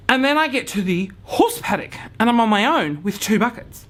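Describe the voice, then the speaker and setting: A young man vlogging a comic story to camera, acting out his own panic with hushed whispers, swearing and sudden shouts. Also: high-pitched, sing-song, moderate pace, hardly any pauses.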